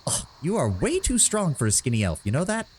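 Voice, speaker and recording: A man's voice: fairly high pitch, wildly swooping pitch, a little fast, darkish tone, a little hiss or hum, pitched above the performer's own voice. A man doing a teasing young elf woman.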